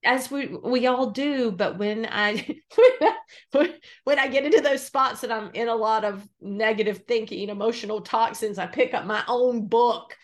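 A middle-aged woman, a guest on a faith podcast, telling stories in an animated, earnest way and laughing easily. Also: fairly high pitch, measured pace. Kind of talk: conversational storytelling.

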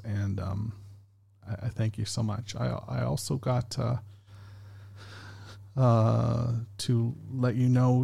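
A middle-aged man with a heavily gravelly, creaky voice hosts a casual solo podcast. His tone is dark and mellow. He rambles along with plenty of fillers and self-deprecating asides. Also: fairly low pitch. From Canada. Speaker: podcast host.

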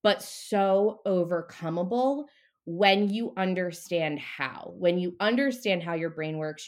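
A woman talking as a mindset coach in a casual podcast interview, animated and a little profane. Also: on the low side.

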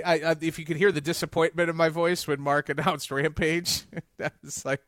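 A man co-hosting a casual wrestling talk show, joking and animated, bursting into shouts when he gets fired up. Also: fairly high pitch, normal speed, no room sound, clean studio sound. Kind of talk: casual podcast chat.

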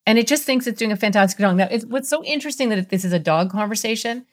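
This therapist, a middle-aged woman with a voice on the high side, talks fast as she lays out ideas during a podcast interview. Her delivery is animated, with small voices acted out in her examples.

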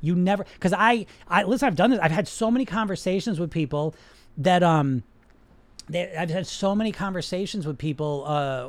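Male host, high voice, dry close mic; blunt, profane, emphatic unscripted coaching talk. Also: moderate pace, no room sound. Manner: blunt, emphatic, profane, repeats words for stress. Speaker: weight-loss coach and podcast host. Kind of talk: unscripted coaching monologue to a live chat.

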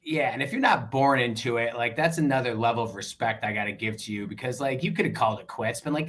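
Easygoing man with a Western New York accent, medium-pitched, chatty guest with a ready laugh. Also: fast talker, hardly any pauses. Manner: relaxed, laughs easily, many fillers. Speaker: fan club chapter president. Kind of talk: casual podcast chat.

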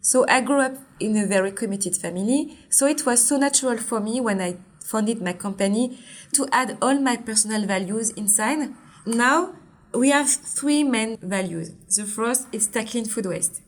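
A woman's voice: on the high side, normal speed. A woman in her forties with a French accent, a brand founder explaining her products in an interview in an earnest, step-by-step way. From Martinique. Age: 40s.

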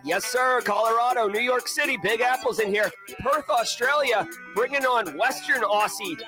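A man's voice: very high-pitched, normal speed, soft background music. Hyped man hosting a livestream. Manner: hyped, shouting out viewers and places, sing-song calls. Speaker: host of a daily cybersecurity news livestream. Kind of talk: energetic livestream chat with viewers.

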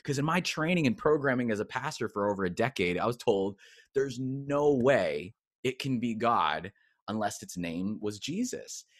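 A man, a former pastor turned coach, telling his story as an interview guest in a casual, animated way, acting out quotes. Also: mid-range voice, normal speed, no room sound, clean studio sound. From United States. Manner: casual, expressive, acts out quotes with big swings.

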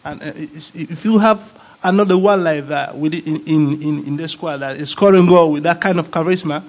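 Former player, man, casual panel talk, halting, restarts, slightly raised pitch. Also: a little mellow. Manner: halting, repeats words while searching for them. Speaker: guest, former player of the club.

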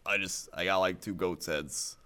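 Man putting on a low-voiced, mumbling butcher, offhand and easygoing. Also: steady tone, normal speed, bright, forceful tone, clean tone. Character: laid-back male butcher offering cheap scraps.

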